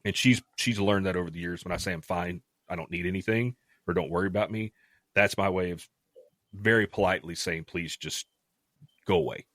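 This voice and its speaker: A man's voice: low voice, fairly even intonation, fairly quick, a bit bright, no room sound. A middle-aged man, a podcast guest, telling an earnest personal story in casual talk, with frequent restarts. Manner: earnest, heartfelt, restarts often.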